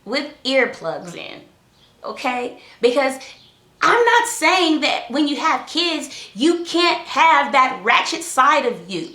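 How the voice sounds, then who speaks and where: A woman giving casual parenting advice, lively and acting out what was said in a raised voice. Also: high voice, takes it slowly. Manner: lively, acts out quotes in a raised voice. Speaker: parenting talk co-host. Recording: echoey room.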